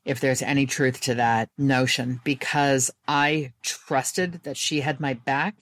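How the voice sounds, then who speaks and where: A woman's voice: rumbling low, fairly even intonation, no echo, studio quality. A woman guest and author telling candid personal stories in an earnest, reflective way. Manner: earnest, candid, quick bursts.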